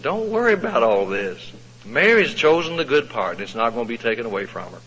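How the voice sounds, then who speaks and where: A man doing a soft, soothing gentle teacher. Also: medium pitch, big pitch swings, brisk, slightly rough. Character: gentle, calm male teacher soothing a friend. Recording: echoey hall, dull lo-fi sound.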